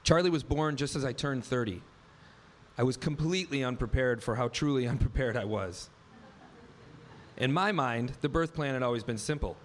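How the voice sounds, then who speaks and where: Man, thirties, live storyteller, wry, vivid, acts out dialogue, mid-pitched voice. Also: normal speed, slight background noise. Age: 30s. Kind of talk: first-person story told live on stage.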